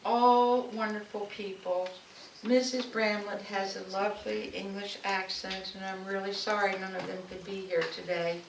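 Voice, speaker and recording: This woman's voice is medium-pitched, level and creaky, at a moderate pace. Speaking at a community anniversary event, she offers warm recollections and personal stories in the style of a speech, captured by a distant microphone in an echoey space with faint noise.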